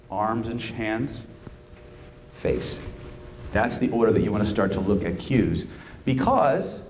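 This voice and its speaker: A man presenting a live seminar to an audience, animated and joking, who keeps checking in with "right?". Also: mid-range voice. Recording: roomy room with faint noise.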